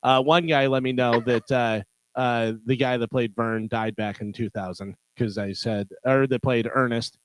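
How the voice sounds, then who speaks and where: A man co-hosting a morning radio show, telling animated anecdotes. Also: medium pitch, moderate pace, hardly any pauses, clean tone, no room sound. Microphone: studio microphone.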